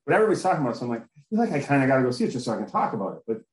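A man hosting a casual podcast chat, excitable and quick to swear. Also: mid-range voice. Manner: animated, excitable, swears freely. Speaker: podcast host. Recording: roomy echo.

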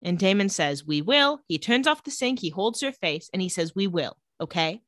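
A woman co-hosting a podcast, recapping a TV episode in casual chat and retelling scenes in a flat, lowered voice. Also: brisk, no room sound, studio quality.

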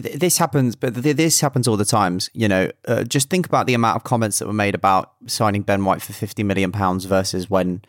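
Blunt man, low voice. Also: no echo, clean studio sound. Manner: blunt, swears, stammers when worked up. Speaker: podcast co-host. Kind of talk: casual chat.

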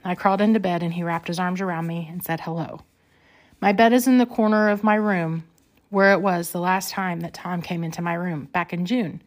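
A woman reading her own first-person memoir aloud in an earnest, unhurried, emotional way. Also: lowish voice, fairly even intonation.

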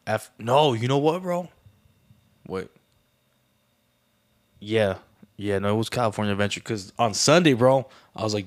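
A man's voice: fairly low pitch, normal speed, pauses often. A man who is a father, chatting casually as a podcast co-host, swearing freely, tacking "bro" onto every phrase and acting out voices in his stories. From Mexican heritage. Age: adult father. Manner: profane, peppers speech with "bro"; animated storyteller, acts out voices with laughter. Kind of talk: casual chat.

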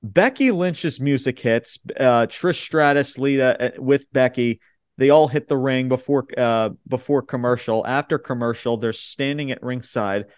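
A man's voice: mid-range voice, measured pace, smooth, dry recording, studio quality. A man co-hosting a podcast, recapping a wrestling show in casual chat, blunt and swearing freely as he quotes the wrestlers. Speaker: podcast co-host.

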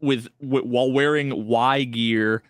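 A man co-hosting a gaming podcast, talking in a relaxed, rambling way and often restarting his sentences. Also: medium pitch, takes it slowly, dry recording, clean studio sound. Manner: relaxed, rambling, trails off mid-thought. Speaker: podcast co-host. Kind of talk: casual gaming chat.

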